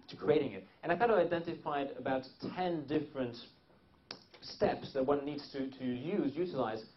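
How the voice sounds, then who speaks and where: Guy giving a seminar talk, lots of uh and restarts, kinda muffled lo-fi sound. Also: mid-range voice. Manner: rambling, many restarts and fillers. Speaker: seminar presenter.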